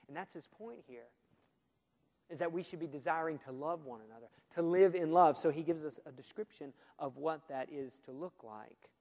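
High-voiced preacher man in a reverberant hall. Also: normal speed. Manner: earnest, emphatic, drops to quiet for emphasis. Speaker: pastor. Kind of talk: sermon. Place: church sanctuary. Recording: long reverb of a church hall.

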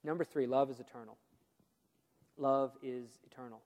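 A man preaching a sermon in a church, earnest and emphatic, often dropping his voice low for emphasis. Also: fairly even intonation, moderate pace, darkish tone. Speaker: pastor. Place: church sanctuary. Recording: long reverb of a church hall.

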